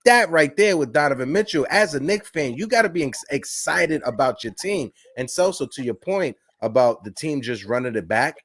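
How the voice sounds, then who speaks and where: Excitable man on a dry sports podcast. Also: on the high side, normal speed, few pauses, husky, no room sound. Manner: excited, builds hypotheticals, repeats himself. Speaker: podcast co-host. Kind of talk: casual sports podcast chat.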